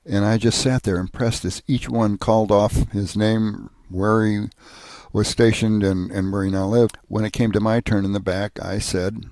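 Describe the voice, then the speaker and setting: A man's voice: fairly low pitch, steady tone, moderate pace, a little mellow, no echo. An older man narrating a personal family history, earnest and plain-spoken, with occasional restarts.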